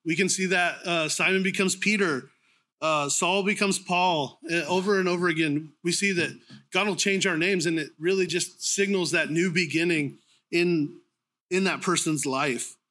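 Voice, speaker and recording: A man preaches in a loose, conversational way, stumbling and restarting as he thinks aloud. His voice sits a little high for a man and has a bright, forward edge. Now and then he pauses to clear his throat. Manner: informal, conversational preaching with frequent ums and restarts. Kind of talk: sermon.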